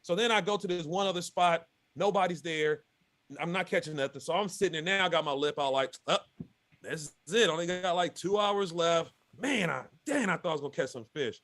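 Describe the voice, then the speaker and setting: A guest angler telling a fishing tournament story in casual, animated fashion, acting out what others said. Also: male voice, fairly high pitch, a little fast. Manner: lively, acts out quotes of others.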